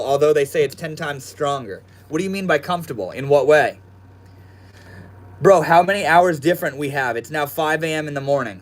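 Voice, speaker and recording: A young man hosting a casual livestream from his room at home, chatting with viewers in a laid-back, slangy way. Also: fairly high pitch. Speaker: livestream host. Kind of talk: casual livestream chat reading viewer comments.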